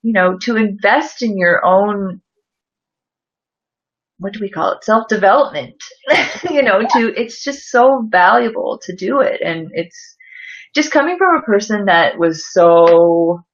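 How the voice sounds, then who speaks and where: A woman's voice: mid-range voice, takes it slowly, dull audio. A woman co-hosting a casual podcast chat, talking emphatically and candidly and swearing freely. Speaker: podcast co-host.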